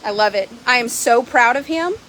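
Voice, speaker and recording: High-voiced, blunt woman. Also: normal speed, slight background noise. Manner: blunt, swearing, lively storytelling. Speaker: horse trader. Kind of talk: casual vlog chat. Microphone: phone.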